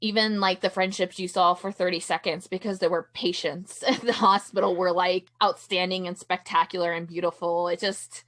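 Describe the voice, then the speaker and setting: A woman co-hosting a podcast, speaking earnestly and haltingly with many fillers. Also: lowish voice, steady tone, fairly bright tone. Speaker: podcast co-host. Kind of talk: casual chat.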